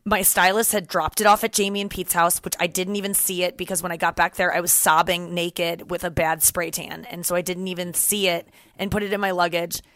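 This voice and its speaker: Brisk and with few pauses, a woman in her thirties with a lowish voice hosts a podcast and tells a casual story. She's animated, performing the quoted voices of others, and there's no echo on the recording.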